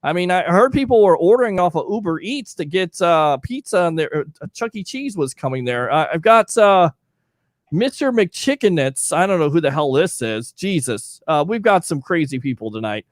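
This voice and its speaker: A man's voice: a little high, moderate pace, no room sound. A man hosting a live sports talk show, reading listener comments aloud and bantering with his co-host. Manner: animated, reads listener comments, jokey banter. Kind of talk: casual live call-in sports chat.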